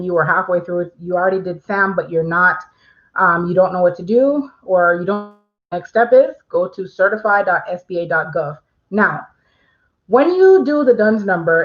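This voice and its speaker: Woman host, casual livestream explainer, chatty, mid pitch, slightly muffled lo-fi audio. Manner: chatty, reads viewer questions aloud, frequent fillers.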